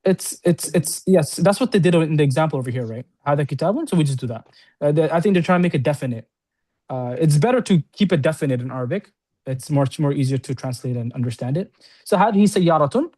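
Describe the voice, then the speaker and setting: A man teaching an Arabic lesson to a class, explaining quickly and often checking in with "right?". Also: fairly high pitch, animated, dark tone. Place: classroom with students on-site and online.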